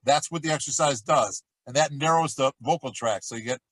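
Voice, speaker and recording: A middle-aged man coaching a vocal warm-up lesson, talking in a relaxed, chatty way between loud sung demonstrations. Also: mid-range voice, fairly quick, dry recording, rough recording. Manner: demonstrates exercises with loud sung shouts and quacks.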